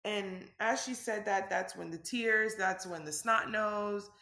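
Bright-voiced woman telling a personal story. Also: medium pitch, a little slow, reverberant. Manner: open and conversational, frequent "like" fillers. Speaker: vlogger.

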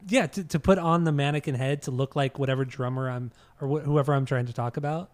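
A man's voice: mid-range voice, fairly even intonation, fast. A man co-hosting a podcast, chatting casually about an album, arguing his point but joking along. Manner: argumentative but joking, easygoing. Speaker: podcast co-host. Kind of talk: casual music review chat.

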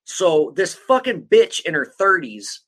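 A man's voice: high-pitched, very animated, a little slow, a bit bright. A man hosting a podcast, telling a true-crime story in a casual, blunt way, swearing constantly and laughing often. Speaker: podcast host.

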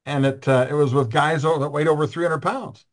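A man's voice: a little high, steady tone, fairly quick. A man hosting a casual interview, asking questions with lots of hesitations and fillers. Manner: hesitant, filler-heavy, admiring. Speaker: host.

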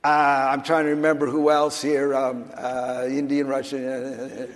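A man's voice: mid-range voice, level tone, measured pace. An older man pastor preaching a sermon in an emphatic, conversational way, with restarts and asides. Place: church sanctuary. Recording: church hall with long reverb.

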